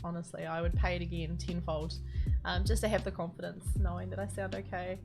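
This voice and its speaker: This New Zealand woman's voice sits on the low side, with a level tone and a brisk pace, as music plays behind her. Recorded on a standalone studio mic, she rambles through casual gaming chat on her live stream, giggling frequently.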